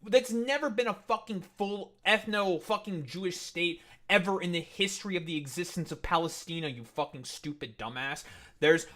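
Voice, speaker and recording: A man's voice: sits high, normal speed, fairly bright tone. A man co-hosting a livestream, ranting with heavy profanity. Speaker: co-host.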